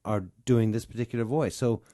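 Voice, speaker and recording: A man's voice: mid-range voice, fairly even intonation, brisk, mellow. A man, a voice actor co-hosting a podcast, explaining his craft in an analytical way during casual chat.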